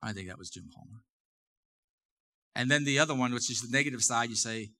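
A man's voice: medium pitch, a little fast, long pauses, bright, forceful tone. A middle-aged man preaching a sermon in a church, talking to the congregation in a conversational way and repeating phrases for emphasis. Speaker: pastor.

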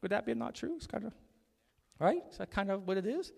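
A man's voice: sits high, animated, brisk, creaky, darkish tone. A middle-aged male pastor preaching a chatty, joking sermon, calling out to his congregation. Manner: chatty, jokey preaching with audience call-outs. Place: church sanctuary. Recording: long hall reverb.

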